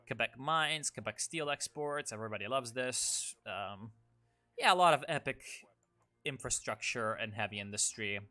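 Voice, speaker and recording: Rambling, sarcastic young gaming commentator. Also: male voice, mid-range voice, pushed and bright. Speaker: gaming YouTuber. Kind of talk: casual game commentary.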